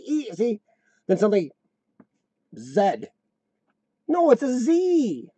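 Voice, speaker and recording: A rambling, joking American man chats on his live stream, his voice pitched high with a mellow, dark edge. The sound is dry and close, with no room echo. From United States. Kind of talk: casual live-stream chat.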